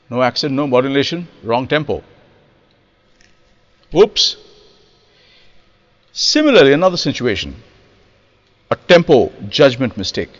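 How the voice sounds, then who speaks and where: A man giving a spoken music lesson on rhythm, lively and demonstrative, acting out examples and reciting verse in a studio. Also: mid-range voice, a little slow, pauses often, long reverb tail, lo-fi sound. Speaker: percussionist explaining rhythm.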